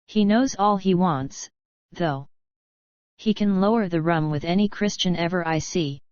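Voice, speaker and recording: A woman's voice: on the low side, a little mellow, smooth, no echo, lo-fi sound, natural voice. A woman reading the lines of a brusque, bossy older male bush cattleman, broke and blustering, in a storybook.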